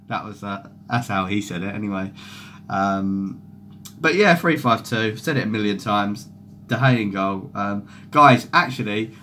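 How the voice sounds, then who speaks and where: With a fairly low pitch and moderate pace, this young man talks loosely on a football fan stream, where a slight hiss or hum is present. He swears heavily, wanders from topic to topic, and reads viewers' comments aloud.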